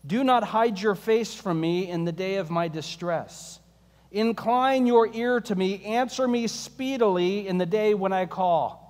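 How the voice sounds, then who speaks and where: A man preaching a sermon as pastor, conversational and animated, mixing scripture reading with sarcasm and humor. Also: sits high, unhurried, long reverb tail.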